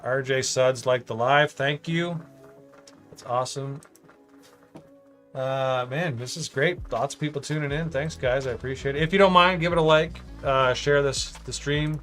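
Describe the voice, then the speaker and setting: A man's voice: mid-range voice, a bit bright. A man hosting a casual livestream, chatting and reading viewer comments aloud with light, joking asides. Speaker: livestream host building Lego.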